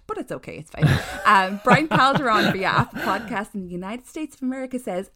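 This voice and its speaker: A woman co-hosting a podcast in casual chat, animated and ranting, swearing freely. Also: medium pitch, brisk, hardly any pauses. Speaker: podcast co-host.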